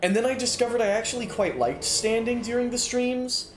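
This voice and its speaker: A man's voice: very high voice, fairly quick. A young man streaming a game, chatting casually and rambling with lots of fillers while he plays and reads chat aloud. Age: young adult. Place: dorm-style room, standing while streaming. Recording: roomy echo, faint room noise.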